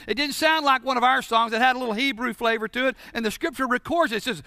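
Male preacher, very high voice, dramatic storytelling sermon, sudden shouts, dry close sound. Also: a little fast, smooth, dry recording.

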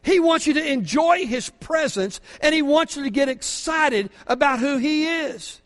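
High-voiced older preacher, fervent. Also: male voice, lively intonation, a little slow. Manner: fervent, swings from quiet asides to shouting. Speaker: pastor. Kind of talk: sermon. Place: church sanctuary. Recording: long hall reverb from a church.

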